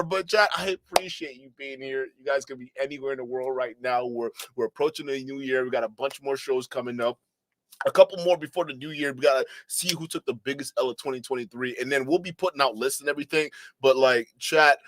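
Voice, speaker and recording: Exasperated male live-stream commentator, bright tone. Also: medium pitch, fairly quick, no room sound. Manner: animated, exasperated, mocking. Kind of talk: reaction commentary to chat.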